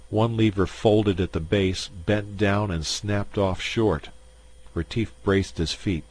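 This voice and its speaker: A man reading a science fiction short story aloud in a measured narration. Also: low voice, a little mellow, husky. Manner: slow, measured.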